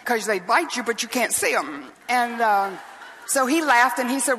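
A woman's voice: fairly high pitch, expressive, normal speed, fairly bright tone, slight background noise. An older woman, a Bible teacher preaching a sermon in an earnest storytelling way, often asking rhetorical questions. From Southeastern US. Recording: long hall reverb.

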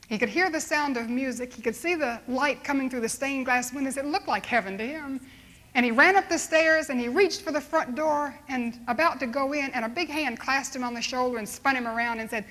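A woman preaching a sermon, telling a story dramatically and slowing to soft, hushed appeals. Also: fairly high pitch.

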